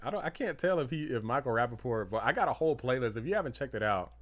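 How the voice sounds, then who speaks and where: This is a man running a political livestream who reacts out loud to news and posts. His voice is bright and pushed forward, and he laughs easily. He wanders through his thoughts with fillers and restarts. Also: medium pitch, quick pace. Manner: excitable, laughing, reads posts aloud. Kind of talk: live reaction commentary.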